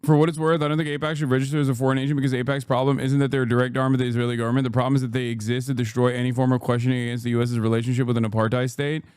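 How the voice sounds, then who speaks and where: A man's voice: medium pitch, level tone, very fast, hardly any pauses, darkish tone, clear, resonant tone, dry recording, studio quality. A man reacting to an interview clip in casual commentary, blunt and profane, mocking the clip and laughing often.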